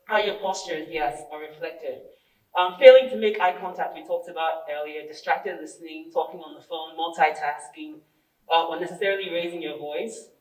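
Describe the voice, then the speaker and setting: A woman presenting a training workshop, a lively storyteller who acts out dialogue and asks her audience questions. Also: fairly low pitch. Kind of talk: interactive training workshop talk. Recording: echoey room, far from the mic.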